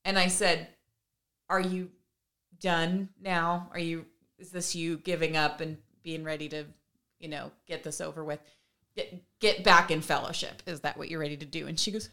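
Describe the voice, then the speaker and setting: A woman co-hosting a podcast, telling a parenting story in a casual, animated way and acting out the conversations. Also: lowish voice, normal speed. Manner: animated, acts out remembered conversations with laughs. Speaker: podcast co-host and mother.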